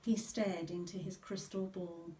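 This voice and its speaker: A woman teacher reading a storybook aloud to pupils with an expressive voice, recorded in an echoey room from some distance. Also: fairly low pitch, unhurried, a little hiss or hum.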